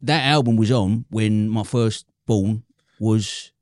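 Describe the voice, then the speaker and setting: A man co-hosting a podcast interview with deadpan, swaggering, profane comic banter. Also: fairly low pitch, slow, dry recording, clean studio sound. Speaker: podcast co-host.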